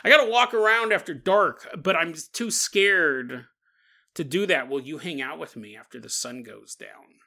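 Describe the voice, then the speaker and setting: A man's voice: fairly high pitch, animated, normal speed, gravelly, sharp tone. A man hosting a paranormal podcast in a casual, rambling comedic monologue, laughing often and acting out the voices he quotes. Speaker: podcast host.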